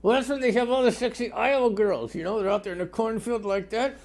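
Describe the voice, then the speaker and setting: A man hosting a spoof news show in a rambling comic monologue, with sudden jumps in pitch and loudness like a mock pitchman. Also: brisk.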